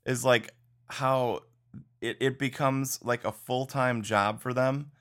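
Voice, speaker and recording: A man's voice: mid-range voice, steady tone, slow, a bit bright. A man co-hosting a podcast in casual chat, laid-back, laughing often and saying "dude" and "like". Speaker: podcast co-host.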